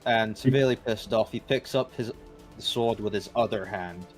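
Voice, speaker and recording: A man with a fairly low voice runs a tabletop game as its game master. He describes the action in a loose, casual way, swearing now and then and pausing on fillers. Faint music plays behind him. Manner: casual, profane, hesitant fillers.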